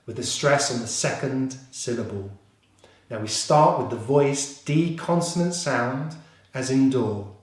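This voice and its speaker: A man with a British accent teaching English pronunciation, slowly repeating each sound and encouraging his learners. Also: mid-range voice. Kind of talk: pronunciation lesson. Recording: very echoey room.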